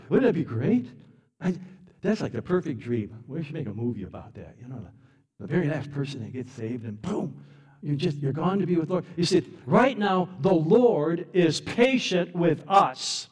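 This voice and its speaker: A man preaching a sermon in a church, telling the story in an animated, dramatic way and swinging from soft to loud. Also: fairly high pitch, moderate pace, slightly rough.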